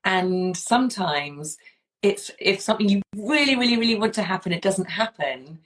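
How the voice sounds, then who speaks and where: A woman's voice: mid-range voice, lively intonation, moderate pace, fairly bright tone, poor audio. Chatty woman, rambling. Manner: rambling storyteller with many restarts. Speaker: podcast host. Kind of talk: casual chat.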